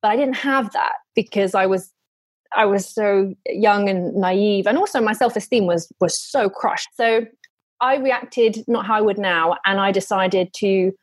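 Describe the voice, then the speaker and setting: A woman's voice: medium pitch, a little slow, dry recording. A young woman in her twenties, a podcast guest, telling a frank personal story in a tumbling, candid way. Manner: frank, tumbling, acts out quotes.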